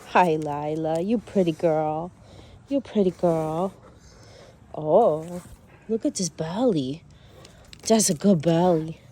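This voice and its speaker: A woman's voice: sits low, slow, long pauses, warm tone. A woman pet sitting in a house and yard, cooing sing-song baby talk at the animals. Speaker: pet sitter.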